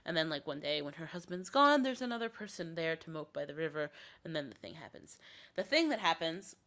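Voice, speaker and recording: A woman's voice: low-pitched, lively intonation, a little fast, pushed and bright. A woman hosting a podcast, with a cough, casually retelling a myth in a rambling, filler-heavy way. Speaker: podcast host.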